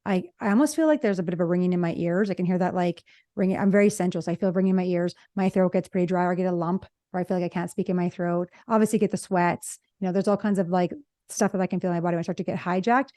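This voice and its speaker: Fast-talking woman psychologist, dry close sound. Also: fairly low pitch, no echo. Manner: energetic, explains with examples and acted-out quotes. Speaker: relationship psychologist, podcast co-host. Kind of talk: conversational podcast discussion.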